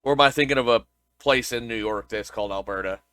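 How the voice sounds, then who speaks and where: A man's voice: mid-range voice, fast, bright, forceful tone, clean tone, no room sound. A man co-hosting a podcast, chatting casually and joking with mock confusion. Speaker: podcast co-host. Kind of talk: casual chat.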